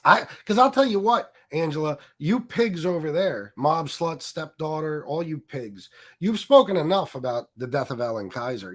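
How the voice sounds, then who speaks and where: A man's voice: a little high, breathy edge. A man hosting a live stream, ranting angrily with frequent profanity and mocking asides. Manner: angry, profane and mocking, with many fillers. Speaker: streamer host.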